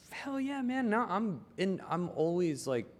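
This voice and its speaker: Speaking slowly in a high voice, this young Maryland man is a tailor appearing as a podcast guest. His chat is relaxed, full of swearing and laughter as he animatedly spins his stories.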